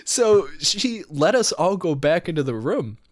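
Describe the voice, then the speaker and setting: A man's voice: on the high side, big pitch swings, measured pace, dry recording, studio quality. A young man co-hosting a podcast, telling a rambling, profane story and laughing often as he goes. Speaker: podcast co-host. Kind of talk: casual storytelling chat.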